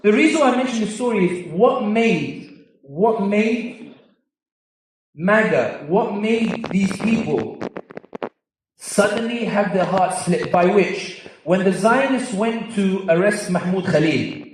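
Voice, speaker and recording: A man from London with a London accent, telling funny stories as a speaker to a live audience, with quick asides. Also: high voice, expressive, a little hiss or hum. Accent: London English. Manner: humorous storyteller, quick asides. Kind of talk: storytelling talk to a live audience. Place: large convention hall. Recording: echoey hall, mic at a distance.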